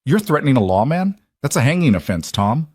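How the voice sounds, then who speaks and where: A man's voice: mid-range voice, big pitch swings, a little fast, a little mellow, husky, no echo, studio quality, pitched above the performer's own voice. A man voicing a stern, uneasy frontier sheriff with firm delivery. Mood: harsh.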